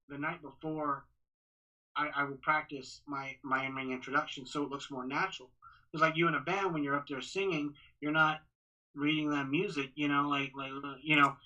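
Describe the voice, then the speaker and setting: The recording is rough, and the speaker is a Texan ring announcer with a voice on the high side. Being interviewed casually for a podcast, he rushes along excitedly, repeating words and restarting often.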